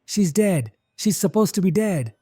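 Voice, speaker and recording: A man voicing a frightened woman researcher with a trembling, shrill voice. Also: lively intonation, unhurried, warm tone, breathy edge, no room sound, clean studio sound. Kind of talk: horror narration.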